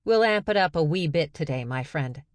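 A woman's voice: sits low, lively intonation, moderate pace, dry recording, clean studio sound. A woman reading a playful young male lab assistant who puts on a fake Scottish accent for fun. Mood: teasing. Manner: jokey, hammy brogue.

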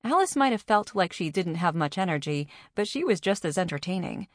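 A woman reading a first-person audiobook in a measured, even way. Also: on the low side, no echo, clean studio sound.

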